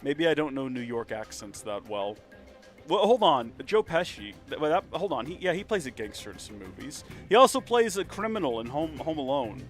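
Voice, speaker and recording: A male game streamer who rambles through casual commentary, joking at his own expense. His pitch sits slightly high and bounces around a lot. Faint music plays behind him. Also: big pitch swings, moderate pace. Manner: rambling, jokey and self-mocking. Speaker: let's play streamer.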